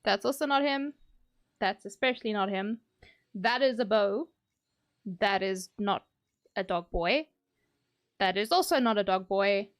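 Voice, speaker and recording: A woman's voice: mid-range voice, unhurried, pauses often, dry recording. A woman live streaming a game, chatting casually and playfully with her viewers and swearing now and then. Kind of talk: casual live-stream chat while gaming.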